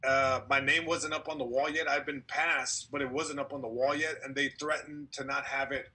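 A man's voice: medium pitch, flat delivery, moderate pace, bright, forceful tone, breathy edge. A young man and comedian guest telling a long story in casual podcast chat over a video call, acting out quotes and laughing along the way.

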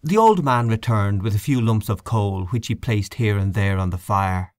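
A man narrating a short story as an audiobook reader, measured and expressive. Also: on the low side, no room sound. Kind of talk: scripted narration.

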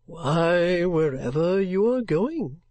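A woman reading an audiobook voices a blunt, grumbling older gentleman with a lowered, gruff voice. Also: lively intonation, slow.

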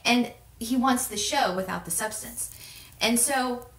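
A woman's voice: fairly high pitch, measured pace, a bit bright. A woman reviewing a fantasy novel in a casual, conversational way, in a roomy, distant recording. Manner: conversational, with fillers and restarts. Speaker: book reviewer. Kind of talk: casual book commentary with read-aloud passages. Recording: roomy echo, distant mic.

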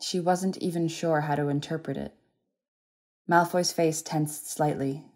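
A woman narrating a fan fiction audiobook in a steady, even reading voice. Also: low-pitched, unhurried.

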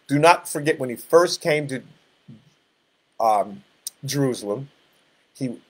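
A man leading a Bible study, teaching in an animated way, asking rhetorical questions and acting out scripture dialogue. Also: mid-range voice, takes it slowly. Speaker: pastor.

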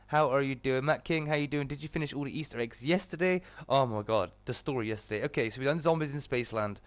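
A man streams a game live and calls out to his viewers one by one, his voice jumping up in pitch as he gets excited. His voice sits in an ordinary middle register and is recorded dry and close, with no room sound. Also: quick pace, no room sound. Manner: loud, excitable greetings with sudden pitch jumps. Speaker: gaming streamer.

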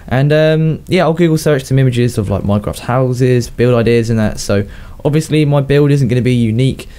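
A young gaming YouTuber, mid-range and darkish in tone, plays and talks casually, chatting with his pets between laughs. He sounds a little sick, with some coughing.

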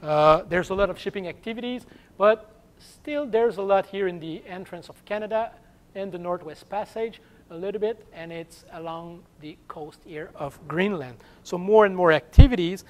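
A man with a French accent, French as his first language, giving an academic seminar lecture and pausing often to search for English words. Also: high voice, a little mellow. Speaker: guest seminar speaker.

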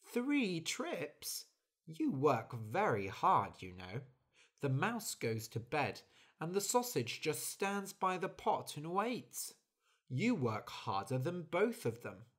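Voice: medium pitch, wildly swooping pitch, slow pace, husky, voice pushed up, heavily acted. A storyteller voicing a nosy female bird who keeps asking probing questions. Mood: curious.

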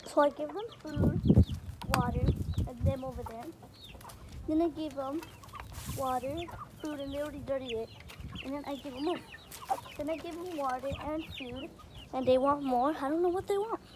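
A young woman with a high voice rambles through a casual vlog, filming on a hand-held phone outdoors. She is excitable and chatty. Clucking chickens and birdsong are clearly heard behind her. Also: moderate pace, long pauses, background noise. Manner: rambling, excitable, gets loud when the chickens crowd her. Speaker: vlogger. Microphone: phone camera held in hand.

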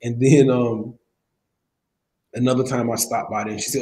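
A man's voice: mid-range voice, level tone, normal speed, warm tone, slight background noise, low-quality recording. A man teaching a church Bible study, telling personal stories with feeling and laughing now and then. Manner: emotional, storytelling, laughs while preaching. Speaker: preacher.

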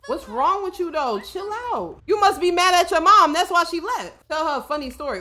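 Brash high-voiced woman gaming streamer. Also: animated, brisk, few pauses, sharp tone. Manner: brash and profane, laughs often, talks for her sim in first person. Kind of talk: casual let's-play commentary.

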